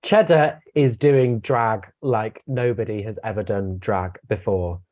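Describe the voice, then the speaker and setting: A man's voice: lowish voice, unhurried. Opinionated man, dull lo-fi sound. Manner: chatty and opinionated, stammering restarts. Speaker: co-host guest. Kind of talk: casual review chat.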